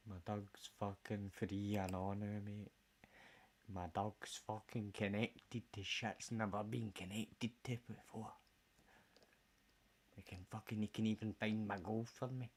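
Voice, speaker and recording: A Scottish vlogger with a lowish, fairly flat voice speaks a bit slowly. His casual chat rambles along, packed with jokes and plenty of swearing.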